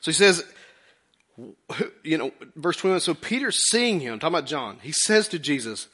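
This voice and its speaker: A male pastor preaching a folksy, animated sermon, acting out quotes in a high put-on voice. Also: normal speed, slightly rough.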